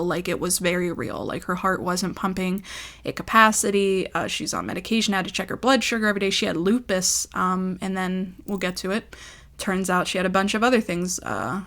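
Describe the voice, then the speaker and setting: Woman, personal storytelling vlog, rambling, emotional, filler-heavy, average pitch. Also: a bit bright. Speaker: ASMR creator.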